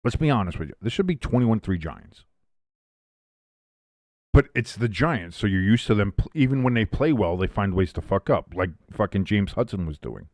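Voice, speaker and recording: A man hosting a live watch-along stream, chatting casually as an excitable fan and reading out comments from his chat. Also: on the low side, moderate pace, no echo, clean studio sound.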